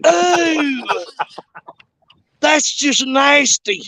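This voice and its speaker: An excitable man with a very high voice, rambling breathlessly while fishing outdoors. He laughs between sentences and tells his story at a tumbling pace. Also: extremely slow, creaky, dry recording. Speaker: fishing show host. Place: outdoors by a river.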